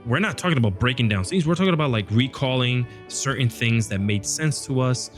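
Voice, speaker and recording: A man's voice: medium pitch, expressive, fairly quick, soft background music. A man hosting a podcast, chatting casually about films, often breaking off mid-thought and laughing. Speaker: podcast host. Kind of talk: casual film chat.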